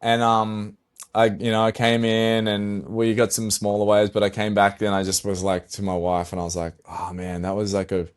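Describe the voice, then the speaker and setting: A middle-aged man, a pro surfer guest on a podcast, telling a story in a casual, animated way, swearing and acting out his own dialogue. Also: lowish voice, moderate pace, clean tone.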